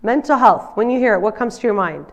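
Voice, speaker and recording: Speaking a little high, animated and fast, a woman counsellor presents live to an audience at a community centre, and the audio is dull. She has a cold that makes her nasal, keeps a friendly tone, and frequently checks in with the crowd.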